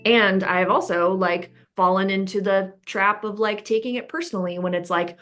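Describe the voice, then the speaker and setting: Bright-voiced, giggly woman podcast host. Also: medium pitch, fairly even intonation, normal speed, faint music behind. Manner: giggly, laughs often and loudly. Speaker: podcast host and relationship coach. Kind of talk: casual podcast chat.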